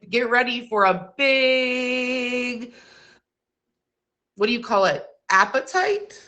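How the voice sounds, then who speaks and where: A woman's voice: mid-range voice, bright, forceful tone. A woman hosting a live-stream trivia quiz, asking questions and reading out facts in a chatty way, with small slips along the way.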